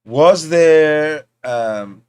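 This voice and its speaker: A man hosting a livestream, talking in a casual, rambling way, often pausing, restarting and talking to himself into a desktop microphone. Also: fairly high pitch, lively intonation, a little mellow, clean tone. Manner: rambling, talks to himself, many fillers and restarts. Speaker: livestream host. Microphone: desktop streaming mic.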